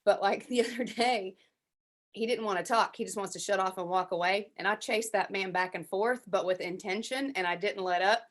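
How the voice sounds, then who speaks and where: A woman talks through a headset mic during a small group class. She shares stories with plenty of filler words and acts out other people's lines. Her pitch sits in a medium range. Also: moderate pace. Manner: chatty, many fillers, acts out quotes. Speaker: class participant. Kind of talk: casual sharing in a group class.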